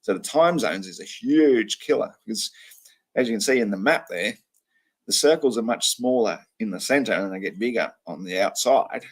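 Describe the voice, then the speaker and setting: A man's voice: lowish voice, animated, normal speed, slightly rough. A man hosting a livestream, chatting casually in a rambling way with frequent ums and restarts. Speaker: livestream host.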